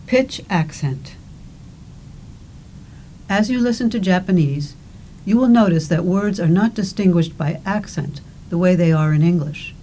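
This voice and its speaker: A woman giving scripted instructional narration for a language course, speaking deliberately and enunciating with care. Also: lowish voice, mellow, a little hiss or hum, rough recording. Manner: slow, deliberate, careful enunciation.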